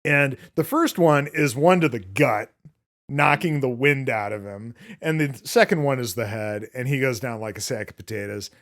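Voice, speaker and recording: A man's voice: mid-range voice, normal speed, fairly bright tone. A man hosting a podcast, recapping a film in casual chat, rambling with many filler words and free swearing. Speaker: podcast host.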